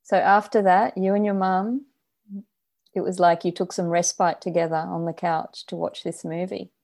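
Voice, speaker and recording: A woman interviewer asking gentle, probing questions. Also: on the low side, steady tone, moderate pace, creaky.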